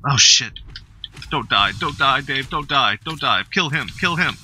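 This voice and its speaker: A man giving casual gameplay commentary as a gaming YouTuber, playful and excitable, laughing and swearing often. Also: medium pitch, unhurried, slight background noise.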